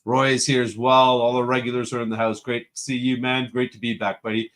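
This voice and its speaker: A man's voice: medium pitch, flat delivery, brisk, a bit bright. A man hosting a casual live-stream show from home, cheerfully greeting chat viewers one after another. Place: home room with a computer.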